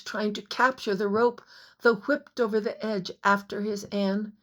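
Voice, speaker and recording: A woman reading her own novel aloud as audiobook narrator, in a measured storytelling manner. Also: on the high side.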